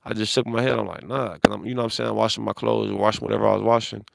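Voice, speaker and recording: A man's voice: on the low side, steady tone, very fast, creaky, no echo. A man on a phone livestream, talking in a rambling, profane way with lots of restarts.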